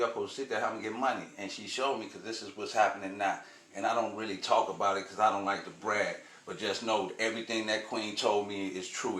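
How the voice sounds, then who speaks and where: A man with a lowish voice tells a long spiritual story to his viewers. His talk is loose, profane and repetitive, and it rambles. The room adds a noticeable echo. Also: a bit bright. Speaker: vlogger. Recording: roomy echo.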